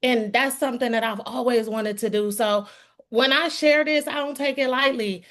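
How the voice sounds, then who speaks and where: A woman's voice: fairly high pitch, moderate pace, fairly bright tone. A middle-aged woman giving a heartfelt testimonial to a team call, addressing listeners as "y'all.". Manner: earnest, calls listeners y'all.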